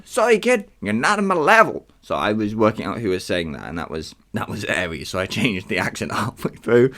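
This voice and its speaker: A man hosting a podcast, talking casually about past episodes in an animated, self-deprecating way and laughing at himself. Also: lowish voice. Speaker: podcast host. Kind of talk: casual retrospective chat.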